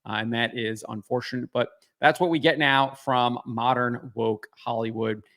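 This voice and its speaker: A man's voice: mid-range voice, fairly even intonation, moderate pace, fairly bright tone. Man giving dismissive pop-culture commentary. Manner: critical, dismissive, frequent "uh" fillers. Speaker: commentary channel host. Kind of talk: casual opinion commentary.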